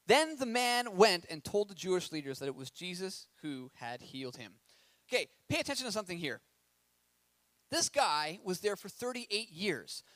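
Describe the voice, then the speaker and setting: Animated high-voiced male preacher. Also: normal speed, no room sound. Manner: animated, conversational preaching with asides and rhetorical questions. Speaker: pastor. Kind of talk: sermon reading and commenting on scripture.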